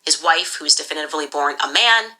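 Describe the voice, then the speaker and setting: Forceful, low-voiced woman ranting. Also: animated, low-quality recording. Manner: emphatic, rapid, insistent. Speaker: podcast commentator. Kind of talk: opinionated monologue.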